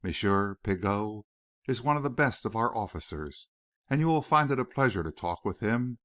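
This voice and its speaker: A polite ship's purser who speaks reassuringly, read by a man in an audiobook. His low voice moves lively through the phrases, with a close, dry sound. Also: moderate pace, no room sound.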